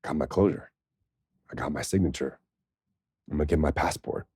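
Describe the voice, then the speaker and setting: A low-pitched man with a dark, mellow voice tells a raw personal story as a podcast guest. He talks candidly and swears freely, and he is tearful at times. The sound is dry and close. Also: moderate pace, slightly rough, dry recording. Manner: candid and profane, with laughs and soft, choked passages. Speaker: podcast guest, former pro football player.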